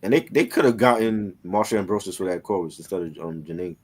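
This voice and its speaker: Husky man, agreeable co-host. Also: low-pitched, fast. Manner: agreeable, frequent affirmations, relaxed opinions. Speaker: podcast co-host. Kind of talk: casual chat.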